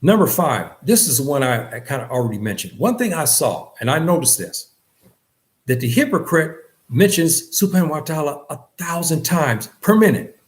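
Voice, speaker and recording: A man teaching a lesson on faith in an earnest lecture style, repeating phrases and rising in pitch on key points. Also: big pitch swings, normal speed. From West Africa. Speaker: religious teacher.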